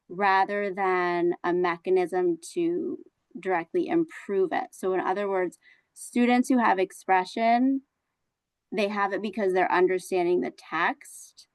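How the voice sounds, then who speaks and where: A woman gives an online teacher-training talk over a video call. Her pitch sits in a middle range, and she explains each point earnestly, with many "um"s along the way. The sound is close and dry, with no room echo. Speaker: teacher trainer presenting a webinar. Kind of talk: online professional development presentation.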